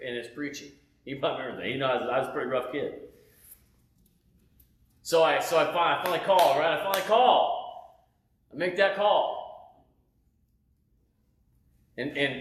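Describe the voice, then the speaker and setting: A man giving a casual, animated sermon testimony from home, often saying "man" and "right?". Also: a little high, echoey room. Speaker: preacher.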